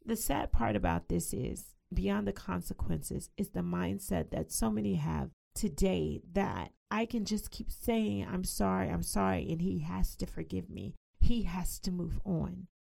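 A woman teaching a devotional sermon, reading scripture aloud quickly and then explaining it in plain, conversational words. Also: on the low side, gravelly, warm tone. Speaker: preacher.

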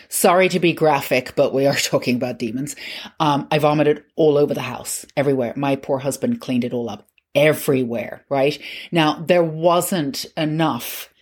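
Low-voiced woman telling a candid story. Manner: candid, conversational, self-mocking. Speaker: podcast host. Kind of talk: personal storytelling.

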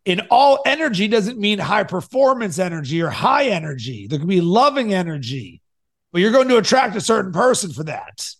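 A man hosting a podcast and coaching his guest, energetic, swinging between loud and soft to make his points. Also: high-pitched, brisk. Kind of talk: coaching conversation.

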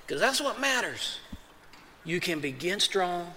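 Preaching a sermon in a big church hall whose long reverb tail trails after him, the pastor speaks with a high, light voice that's bright and forceful, with big pitch swings. His style is casual and conversational; he calls listeners "man" and drops into quick acted voices.

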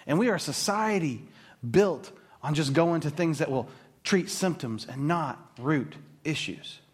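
A man's voice: fairly high pitch, measured pace, slightly rough. A man preaching a sermon as a pastor, talking casually and acting out the voices of the people in his story. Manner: animated, acts out quoted voices.

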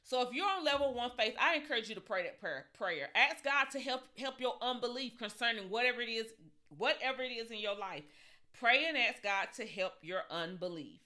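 A woman's voice: fairly high pitch, expressive, a little fast, sharp tone. A woman giving an informal Bible teaching in a conversational, folksy way, often repeating and restarting her phrases.

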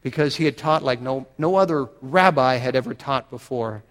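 A man's voice: medium pitch, moderate pace, fairly bright tone, big-room sound. A man preaching a sermon, reading scripture aloud and building to dramatic, emphatic swells.

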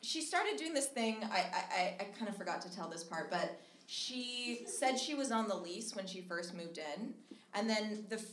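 On stage, a young woman from Minnesota shares a humorous story in a medium-pitched voice at a moderate pace. She chats animatedly and laughs through the telling, recorded in an echoey live room with heavy background noise.

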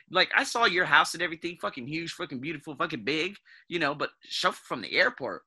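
Podcast host, man, 30s, casual and profane, bright, lively delivery. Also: fairly high pitch, fast, hardly any pauses, husky. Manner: blunt and profane, swings from mumbling to loud bursts. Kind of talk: casual monologue.

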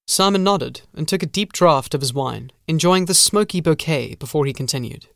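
A man narrating a gothic horror story in a measured, scripted audiobook style. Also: a little high, expressive, vocal fry, a bit bright, dry recording, studio quality.

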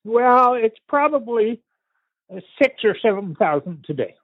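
Older Canadian man, husky storyteller, dry tinny phone-line sound. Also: very high voice, sing-song, dry recording. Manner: unhurried, vivid storytelling with pauses and restarts. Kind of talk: recounting a family story in conversation.

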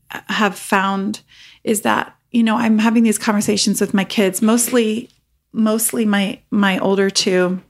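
An American woman in her thirties hosting a podcast, talking in an earnest, emotional way and repeating phrases for emphasis. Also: fairly high pitch. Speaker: podcast host. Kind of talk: personal podcast monologue.

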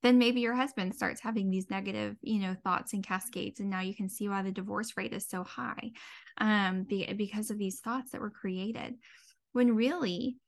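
A woman's voice: mid-range voice, fairly even intonation, moderate pace, gravelly. An earnest woman in her thirties hosts a solo podcast, speaking in a mid-range voice. She talks heartfelt and unscripted, full of fillers like "um" and "you know". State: tearing up, near crying. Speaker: podcast host, dietitian and mindset coach.

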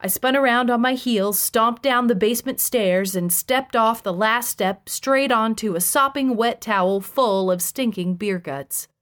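A woman's voice: a little high, a little slow, hardly any pauses, a bit bright. A woman reading a first-person audiobook in a wry, conversational storytelling voice. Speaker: audiobook narrator.

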